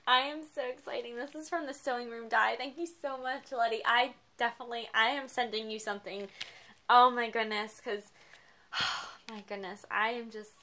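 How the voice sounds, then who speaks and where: A woman craft vlogger chatting casually as she unboxes a gift package, gushing and excitable, often gasping with delight. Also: a little high, normal speed.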